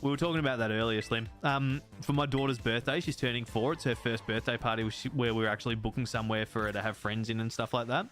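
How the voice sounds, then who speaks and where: A man's voice: mid-range voice, fairly even intonation, fast talker, few pauses, a bit bright, soft background music. An Australian man in his thirties, chatting and rambling casually while he plays a game, laughing often. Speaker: gaming streamer. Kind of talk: casual chat while playing.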